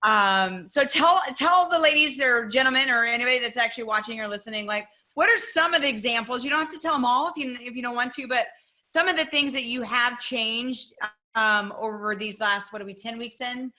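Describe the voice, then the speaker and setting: Upbeat woman coach host, bright and forceful voice. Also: on the high side, fast, few pauses. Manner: encouraging, upbeat. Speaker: podcast host, fitness coach. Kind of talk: interview hosting.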